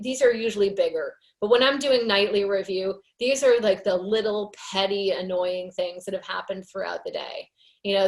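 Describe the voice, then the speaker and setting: A woman leading a recovery workshop, teaching in a casual, earnest way, full of "you know" fillers, and reading aloud from a book. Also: medium pitch. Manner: conversational, many fillers, earnest.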